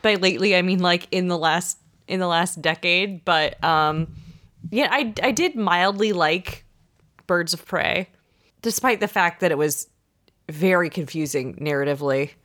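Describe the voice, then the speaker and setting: A woman co-hosting a casual chat, reacting bluntly and quickly. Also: fairly low pitch, fairly bright tone.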